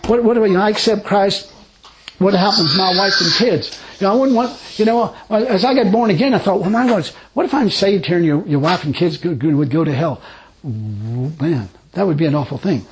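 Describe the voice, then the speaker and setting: A man with a high voice that swoops up and down as he shares his Christian testimony. He rambles and restarts, laughs often and acts out his conversations with great animation. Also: background noise. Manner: animated, laughing storyteller who acts out dialogue.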